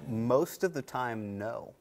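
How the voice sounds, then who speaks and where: A man from a rock band, calmly explaining the band's project in a TV interview. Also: medium pitch, takes it slowly. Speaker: band member. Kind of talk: casual interview chat. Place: TV studio.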